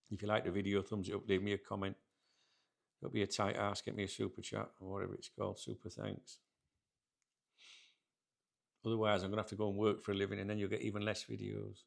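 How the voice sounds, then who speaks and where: A man's voice: on the low side, creaky. A middle-aged man, hosting a football channel and grumbling to camera in a rambling, sweary, casual rant. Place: sat in a chair indoors.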